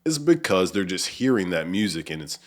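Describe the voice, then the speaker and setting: Man, podcast host, very low voice, rambling, filler-heavy, small echoing room. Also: big pitch swings, brisk. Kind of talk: casual conversation.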